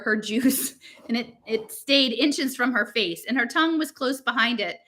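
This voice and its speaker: A woman's voice: on the high side, pushed and bright. A woman reading a novel aloud, narrating casually in teen slang. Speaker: reader.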